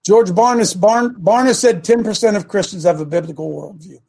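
Fiery high-voiced male host. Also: normal speed, creaky, husky. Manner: impassioned, swings to shouting. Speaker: host and coach. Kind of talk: fiery preaching talk.

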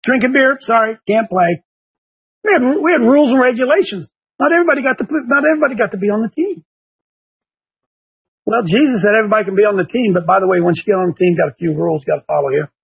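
Speaking very fast in a high-pitched, gravelly voice with a breathy edge, an older man from Ohio hosts a religious talk show. He emphatically repeats his points in preachy commentary, and the sound is dull and lo-fi.

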